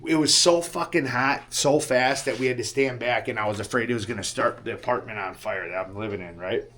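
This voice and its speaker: A man recounts a story in loose, rambling fashion, full of swearing and little check-ins with the listener. His voice is bright and forceful at a middling pitch, and the tone stays sheepish and rueful. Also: fairly quick, a little hiss or hum. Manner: rambling, swears often, keeps asking "right?". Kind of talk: casual storytelling to camera.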